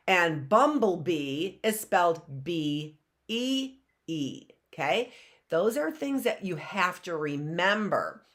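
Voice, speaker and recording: A woman's voice: fairly low pitch, very animated, takes it slowly, a bit bright. A woman teacher with an American accent giving an online phonics lesson to children, coaxing them to call out answers in a sing-song way.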